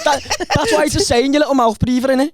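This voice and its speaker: A man's voice: extremely high pitch, steady tone, a loud crowd. A man co-hosting a podcast, teasing his mates. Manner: rapid, teasing. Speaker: podcast co-host. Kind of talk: casual banter.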